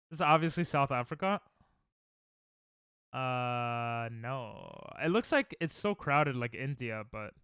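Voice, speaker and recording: A young man streaming a game, chatting casually and reacting excitably to chat on a headset mic. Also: fairly high pitch, clean tone, no room sound, studio quality. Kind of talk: casual live-stream chatter while gaming.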